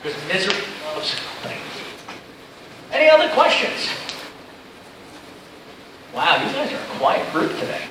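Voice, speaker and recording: A man's voice: high-pitched, sing-song, a little slow, pauses often, bright, forceful tone. A middle-aged man giving an informal safety seminar to pilots, chatty and joking as he rambles through stories. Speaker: seminar speaker. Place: seminar room with audience. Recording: echoey room from far off, noisy.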